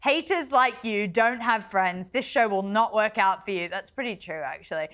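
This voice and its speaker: Giggly young woman with bright voice. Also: mid-range voice, expressive, moderate pace. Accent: Australian-English mix. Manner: giggly, laughs often, reads viewer messages. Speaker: panellist. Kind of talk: studio chat show banter.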